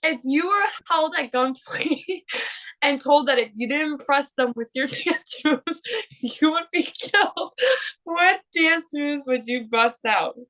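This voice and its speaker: A woman's voice: sits high, takes it slowly, fairly bright tone, poor audio. A young woman guest on a podcast, rambling and giggling in casual chat over a call.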